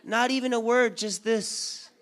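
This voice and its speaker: A young man performing a stand-up comedy set for a live audience at a community event, doing lively crowd work and acting out his parents and friends. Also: very high-pitched, a little slow.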